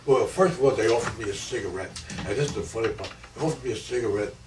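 A man's voice: mid-range voice, fast. An 80-year-old man telling his grandchildren about his life, rambling and repeating key phrases. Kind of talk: casual storytelling interview. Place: family home. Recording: echoey home camcorder audio, mic far off, faint hiss.

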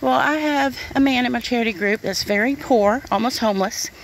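A woman's voice: on the high side, fairly quick, slight background noise, poor audio. A middle-aged woman, ranting bluntly and swearing in a casual outdoor vlog in the rain. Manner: upset, blunt, swears, says "honey" and "y'all". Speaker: vlogger. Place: outdoors in the rain by her yard.

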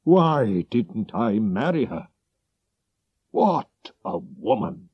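A man voicing an excitable king in a storybook reading, exclaiming emphatically. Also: lowish voice, very slow, slightly rough, dry recording, dull audio, heavily acted. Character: excitable, grateful middle-aged male king.

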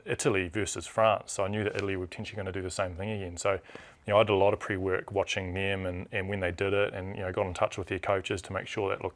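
A man with a New Zealand accent, a rugby referee chatting as a studio guest in a quick, animated way with lots of restarts. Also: low-pitched. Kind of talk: casual chat.

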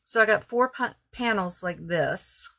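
A woman's voice: mid-range voice, lively intonation, a little slow, creaky, pushed and bright. A woman craft vlogger chatting casually and ramblingly as she shows off her thrift finds, often correcting herself. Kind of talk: casual show-and-tell haul.

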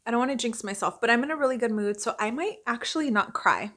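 A woman's voice: a little high, lively intonation, fast, bright, forceful tone. A young woman, an actress, chatting emotionally and casually at home for her vlog, laughing often. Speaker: actress and vlogger. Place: at home indoors.

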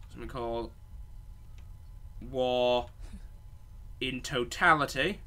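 A man's voice: medium pitch, moderate pace, pauses often, pushed and bright. A man doing rambling, sweary, sarcastic let's-play commentary. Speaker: game streamer.

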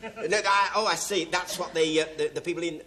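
A man's voice: a little high, brisk. A middle-aged man hosting a TV game show, chatting with contestants in camp, teasing banter full of asides and giggles. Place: TV studio with live audience. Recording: broadcast TV studio with audience noise.

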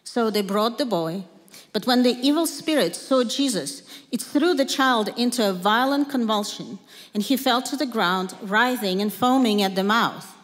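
A woman's voice: on the high side, moderate pace. Woman reading scripture in church. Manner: steady narrative reading. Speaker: scripture reader. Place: church sanctuary. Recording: long church reverb.

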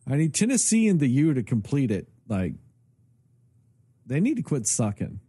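A man's voice: mid-range voice, moderate pace, breathy edge, no echo. A man co-hosting a podcast in casual chat, ranting and swearing a lot as he talks. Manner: profane, ranting, animated. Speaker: podcast co-host.

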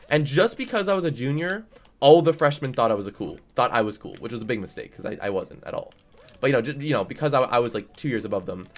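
Rambling young man telling stories. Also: medium pitch. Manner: rambling, full of "like" and "dude". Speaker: game streamer. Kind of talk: casual storytelling while playing a game.

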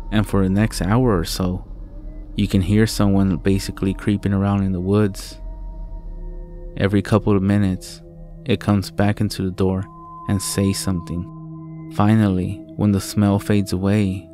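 A man narrating a first-person horror story in a slow, deliberate, profane way. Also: sits low, flat delivery, dark tone, soft background music.

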